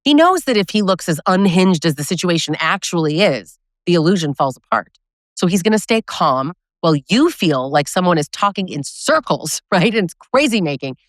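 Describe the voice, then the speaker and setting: A woman with a lowish, sing-song voice speaks at a normal pace, recorded cleanly in a studio with no echo. She's an educator on abusive relationships talking directly to camera, emphatic and coaching, often tacking "right?" onto her points.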